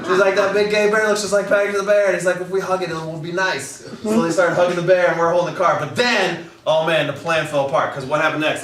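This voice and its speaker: A man improvising an absurd comic story about a slide show, rambling and often laughing at his own lines. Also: a little high. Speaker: comedian. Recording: very echoey room, far from mic.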